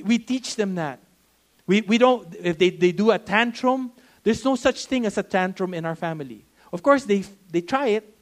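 Filipino pastor preaching in mixed English and Tagalog. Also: male voice, high-pitched. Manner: mixes English with Tagalog, conversational and animated, acts out voices. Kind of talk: sermon.

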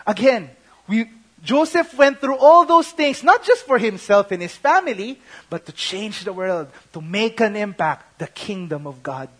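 A young Filipino man preaching a sermon, mixing English and Tagalog and swinging between loud outbursts and hushed, intimate tones. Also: sits high, sing-song, a little slow. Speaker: pastor.

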